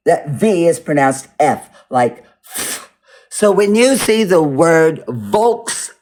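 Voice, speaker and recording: A man's voice: a little high, lively intonation, takes it slowly, darkish tone. A man giving casual commentary over a video, rambling and repeating words as he mock-teaches pronunciation. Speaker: video reactor.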